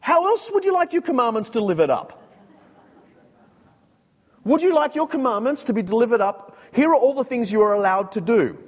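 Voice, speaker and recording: Animated Australian preacher in a reverberant hall. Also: male voice, extremely high pitch, moderate pace, pauses often, highs cut off. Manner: animated, joking, mock voices. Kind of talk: sermon.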